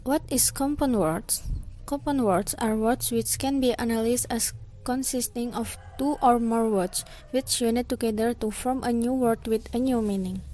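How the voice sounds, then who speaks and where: A woman's voice: fairly high pitch, normal speed, mellow, a little hiss or hum, rough recording. A woman with an Indonesian accent giving a class presentation, reading in English and explaining in Indonesian. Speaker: student presenter.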